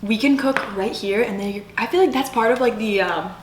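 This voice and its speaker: A young adult woman co-hosts a casual eating show indoors, eagerly asking follow-up questions in a fairly quick, medium-pitched voice. The room is echoey, with slight background noise.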